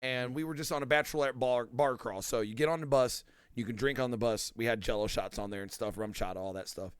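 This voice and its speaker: A man's voice: mid-range voice, fast, clean tone, no room sound, clean studio sound. A young man hosting a podcast, telling chatty anecdotes in casual conversation. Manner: lively, chatty anecdote-teller. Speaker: podcast host. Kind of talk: casual chat.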